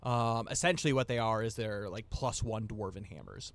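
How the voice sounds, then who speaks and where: A man as game master, narrating a tabletop game and explaining the rules in a halting, thinking-aloud way. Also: fairly low pitch.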